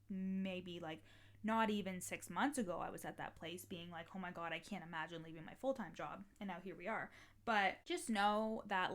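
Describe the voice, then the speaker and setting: A woman's voice: mid-range voice, a bit bright. A young adult woman, a life coach and podcast host, talking casually and encouragingly to listeners, with lots of "like" fillers and the odd swear word.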